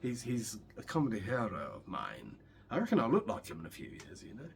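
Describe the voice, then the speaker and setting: A man's voice: mid-range voice, huge pitch swings, brisk, vocal fry, a little hiss or hum. A young man chatting casually as a guitar vlogger while he practices, rambling and joking with many restarts. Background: guitar playing.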